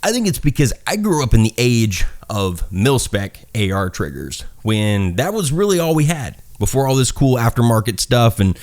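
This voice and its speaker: A gun reviewer from South Carolina with a Southern accent gives a casual product review, rambling, swearing, mocking himself and laughing at his own jokes. His medium-pitched voice is sing-song and a little mellow, moving at a moderate pace with few pauses.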